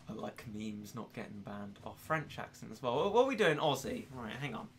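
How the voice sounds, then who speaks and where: A man's voice: medium pitch, sing-song, normal speed, slight background noise. A young English man streaming a game with casual, rambling, self-deprecating chat and frequent laughs. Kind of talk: casual gaming commentary.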